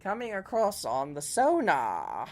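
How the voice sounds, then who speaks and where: A jittery young sailor at his sonar screen, shrill and high-pitched, sounding on the edge of panic, as a man puts him on. He talks slowly and anxiously in a children's storybook tale. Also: huge pitch swings, heavily acted. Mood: worried.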